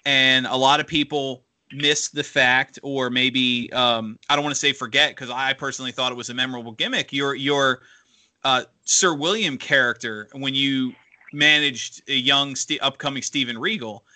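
A man co-hosting a wrestling talk show, asking long, halting questions with many restarts. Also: medium pitch, steady tone, sharp tone. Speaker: podcast co-host interviewer. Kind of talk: casual interview.

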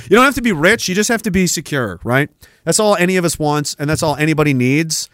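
A man's voice: on the high side, lively intonation, fast talker, fairly bright tone, dry recording, studio quality. A man, hosting a podcast in a profane, sarcastic ranting monologue. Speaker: podcast host.

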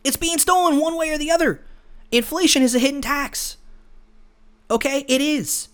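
A man's voice: extremely high pitch, normal speed, fairly bright tone. A man hosting a podcast, talking alone in a blunt, lecturing, combative way. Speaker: podcast host. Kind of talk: solo opinion monologue.

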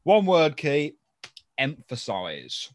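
A man's voice: a little high, huge pitch swings, takes it slowly, no room sound. A man co-hosting a casual podcast, joking around and reading listener mail aloud. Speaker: podcast co-host.

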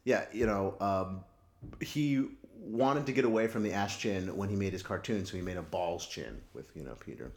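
Laid-back, low-voiced man joking dryly. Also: lively intonation, moderate pace. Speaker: podcast co-host. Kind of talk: casual chat.

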